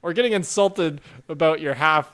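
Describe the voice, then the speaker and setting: A man's voice: fairly high pitch, normal speed, fairly bright tone. Giggly man arguing a point on a podcast. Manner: laughing often, argumentative, filler-heavy. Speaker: podcast co-host. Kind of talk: casual chat.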